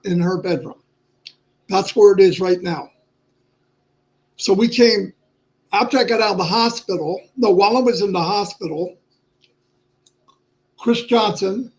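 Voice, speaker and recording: A man in his sixties talking candidly to his livestream viewers, halting and restarting often. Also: high voice, a little mellow, poor audio. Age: 60s. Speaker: livestream host. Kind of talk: personal talk to viewers.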